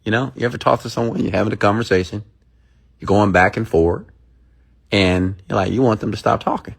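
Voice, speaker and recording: Low-voiced man giving an emphatic pep talk. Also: a little fast, creaky, husky. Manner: emphatic and repetitive, checks in with "okay?" and "right?"; acts out inner thoughts in quoted asides. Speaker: motivational speaker hosting a livestream. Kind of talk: casual motivational talk to viewers.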